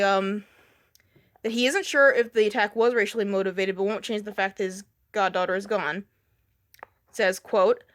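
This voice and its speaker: A woman giving a casual commentary rant in reply to another video, sarcastic and profane, with frequent ums. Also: medium pitch.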